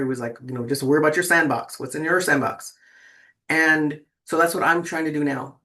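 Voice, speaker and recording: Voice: medium pitch, a bit bright. A person in their sixties hosting a tarot channel, chatting casually and rambling with lots of fillers and restarts, and often checking in with "right?". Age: 60s. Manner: rambling, keeps asking "right?". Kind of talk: casual spiritual talk to viewers.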